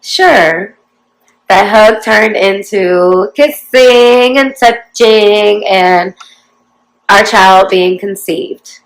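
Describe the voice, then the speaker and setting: A woman's voice: mid-range voice, fairly even intonation, very slow, poor audio. A woman in her forties telling her life story to her viewers in a chatty, confiding way, often talking straight to them. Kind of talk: casual storytelling to camera.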